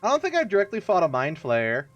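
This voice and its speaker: A man's voice: high-pitched, huge pitch swings, quick pace, lo-fi sound, faint music behind. A man streaming a video game, giving casual, rambling, jokey and self-mocking commentary as he plays. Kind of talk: casual let's-play commentary.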